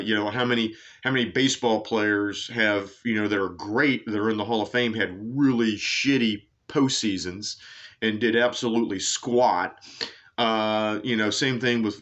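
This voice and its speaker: A man hosts a sports show in a low voice with a bright, forceful edge. He rambles through tangents, full of fillers and casual swearing. The recording sounds dull and lo-fi. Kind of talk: casual sports commentary monologue.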